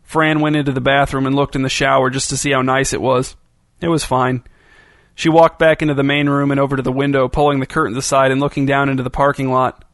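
A man's voice: medium pitch, level tone, fast talker, fairly bright tone, no room sound. Man narrating an audiobook, dry sound.

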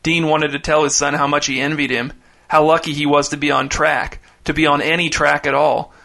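A man reading a short story aloud in a measured, deadpan way. His voice is bright and slightly high, and his intonation stays flat and even. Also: creaky. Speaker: narrator. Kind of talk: scripted short story narration.

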